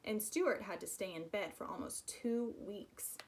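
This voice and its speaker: Woman reader, expressive, mid-pitched, children's chapter book read aloud. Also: measured pace. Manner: expressive storytelling, personal asides.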